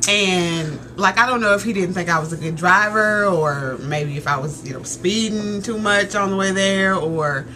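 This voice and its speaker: A woman in her thirties telling a story in a casual, animated rant, laughing and exclaiming as she goes. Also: mid-range voice, normal speed, hardly any pauses, slight background noise. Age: 30s. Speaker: vlogger.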